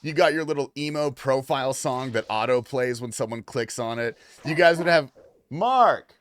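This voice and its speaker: A man with a clean, mid-range voice streams a video game at a moderate pace, chatting loosely and swearing as he reacts to gameplay and viewers. He alternates between low mumbled comments and excited outbursts.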